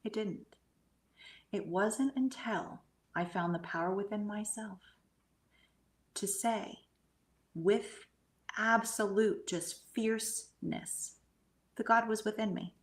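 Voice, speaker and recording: A middle-aged woman speaking as a guest medium, telling a personal experience earnestly and often dropping into soft, breathy asides. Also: mid-range voice, takes it slowly, pauses often. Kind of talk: casual storytelling conversation.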